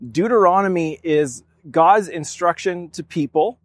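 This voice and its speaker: A man's voice: sits high, unhurried, dry recording. A man teaching a sermon, reading scripture aloud and explaining it in a conversational way. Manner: conversational, reads scripture then explains with restarts. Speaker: pastor.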